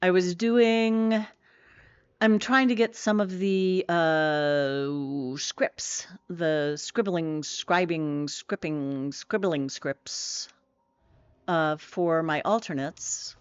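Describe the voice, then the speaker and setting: A woman's voice: low voice, very slow, clean tone, no room sound, dull audio. A middle-aged woman streaming a game, chatting casually with viewers in a rambling way full of fillers and self-corrections.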